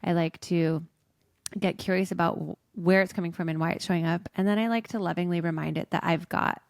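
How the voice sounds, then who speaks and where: A woman's voice: fairly low pitch, fairly even intonation, brisk, creaky, no room sound, studio quality. A woman coach talking casually as a podcast guest, chatty and full of "like" fillers.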